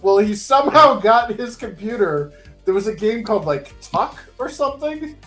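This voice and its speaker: A man's voice: high-pitched, lively intonation, normal speed, fairly bright tone, faint music behind. A man on an online panel call, telling a casual story with lots of laughter and acted-out voices and sound effects. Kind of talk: casual group chat.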